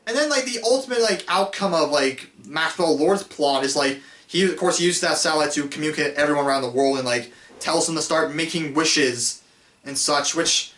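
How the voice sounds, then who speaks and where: A man's voice: fairly high pitch, moderate pace, fairly bright tone. Rambling man in an echoey room. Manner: rambling, full of "like" and restarts, laughs often. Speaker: host reviewing films. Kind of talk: casual film review. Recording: echoey, distant mic.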